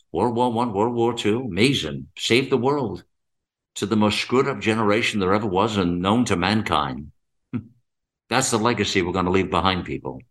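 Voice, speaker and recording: A man's voice: on the low side, fairly bright tone. A middle-aged man hosting a commentary monologue, rambling and repeating himself with many rhetorical questions and fillers. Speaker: podcast host.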